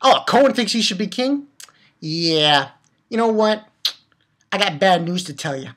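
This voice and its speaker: Reviewing a manga chapter, this woman goes on a blunt, foul-mouthed, heated rant, hammering her points by repeating them. Her voice is mid-range and animated, her pace a little slow.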